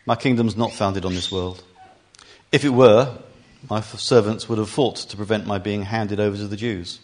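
A man reading a calm, solemn prisoner-king. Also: lowish voice, lightly acted. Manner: measured, solemn. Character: calm, steady adult male prisoner-king.

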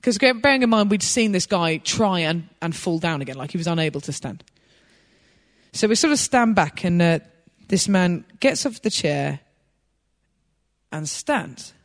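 Woman, sermon storytelling, animated, very expressive pitch. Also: a little slow, long reverb tail. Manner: animated, laughs mid-story. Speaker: preacher.

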